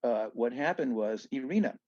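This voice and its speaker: A man from southeast Louisiana, a guest on a podcast, telling stories in an animated way with many restarts and asides. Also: mid-range voice, moderate pace, dry recording, highs cut off. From southeast Louisiana, USA. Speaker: guest musician. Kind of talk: storytelling in a casual podcast chat.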